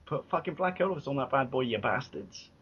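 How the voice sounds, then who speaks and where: A man co-hosting a casual, boozy podcast chat over a call, loud and joking, swearing freely. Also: mid-range voice, animated, a little fast. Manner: loud, joking, swearing, sing-song bits. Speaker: podcast co-host. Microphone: computer mic on a video call. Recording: dull lo-fi call audio with faint hiss.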